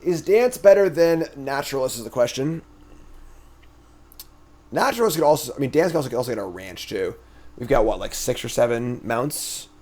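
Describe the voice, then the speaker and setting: A man casually commentating his own card game as a streamer, thinking out loud in a chatty way. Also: mid-range voice, moderate pace. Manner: chatty, thinks aloud, animated swings in energy.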